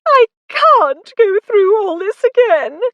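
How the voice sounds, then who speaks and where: Shrill indignant young woman in a 1920s audiobook, read by a woman narrator, pitched high with big swings. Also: very animated, slow, no echo, dull audio, heavily acted. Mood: wailing. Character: outraged young English woman.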